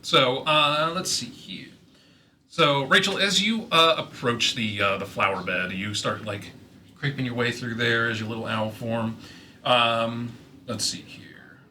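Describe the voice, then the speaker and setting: A man running a fantasy tabletop game, narrating in a loose, rambling way with plenty of fillers. His voice is very bright and forceful. A faint hiss sits behind him. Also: mid-range voice, unhurried. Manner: relaxed, stumbling narration full of fillers. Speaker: dungeon master.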